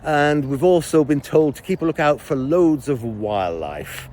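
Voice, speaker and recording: A man's voice: on the high side, lively intonation, unhurried, darkish tone, a little hiss or hum. An Englishman with a jokey, rambling manner, chatting to viewers on a walking tour through a town park, recorded on a handheld camera while walking.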